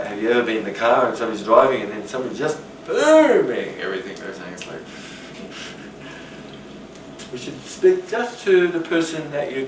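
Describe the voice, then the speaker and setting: A man giving a rambling, animated talk on rapport, now and then acting out the voices of people he quotes. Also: mid-range voice. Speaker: teacher. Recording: roomy, distant, noisy.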